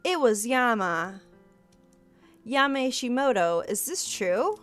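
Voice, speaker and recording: Lady doing a stuffy male teacher, prim n scolding, slow n preachy. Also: fairly high pitch, big pitch swings, fairly bright tone, soft background music, heavily acted. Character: stern pompous male schoolteacher.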